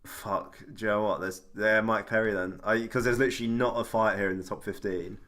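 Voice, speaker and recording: Blunt man, bright voice. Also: fairly low pitch, a little fast. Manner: blunt, swears freely, animated opinions. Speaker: podcast co-host. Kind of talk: casual chat.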